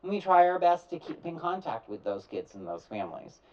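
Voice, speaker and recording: A man's voice: a little high, a little fast. Guy on stage telling his story, acts out the phone calls, sounds far from the mic and kinda muffled. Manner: animated, acts out both sides of phone calls. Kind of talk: storytelling talk to an audience. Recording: distant, dull lo-fi recording.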